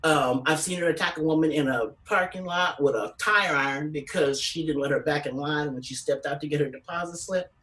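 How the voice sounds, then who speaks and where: A woman telling stand-up stories from California, animated and acting out voices with big pitch jumps. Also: brisk, hardly any pauses, distant mic, low-quality recording. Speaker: comedian. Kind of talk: stand-up storytelling.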